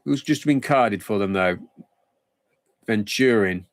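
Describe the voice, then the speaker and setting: A man's voice: fairly low pitch, slow pace, dry recording. A man streaming a football management game live, thinking aloud in a rambling, casual way.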